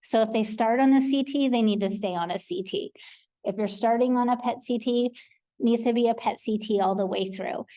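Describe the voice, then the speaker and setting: American woman presenter, mellow voice, practical explainer at a conference talk. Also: medium pitch, poor audio. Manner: practical, explanatory, with frequent ums. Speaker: research coordinator presenter. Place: conference hall.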